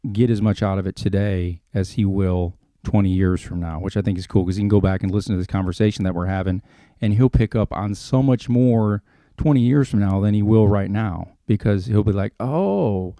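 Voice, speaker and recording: Low-voiced podcast host, dry sound. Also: male voice, steady tone, a little fast, dark tone, dry recording. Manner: rambling, restarts often. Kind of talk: casual chat.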